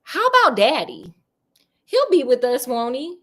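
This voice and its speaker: Woman reading as a needy little girl begging, high and pleading. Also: big pitch swings, a little slow. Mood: anxious pleading. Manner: pleading, breathy whisper. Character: lonely desperate young girl pleading with a ghost.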